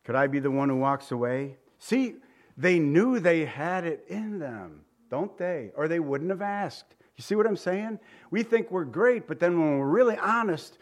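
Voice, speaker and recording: A male pastor preaching an expository sermon in a conversational, animated way, often asking his listeners questions. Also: a little high, a little slow.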